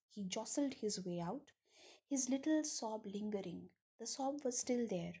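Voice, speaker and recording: A woman's voice: on the high side, dark tone, husky. A woman teacher, reading a story line by line and explaining it with rhetorical questions. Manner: reads a line then paraphrases it, asking rhetorical questions. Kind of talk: explaining a story text to students.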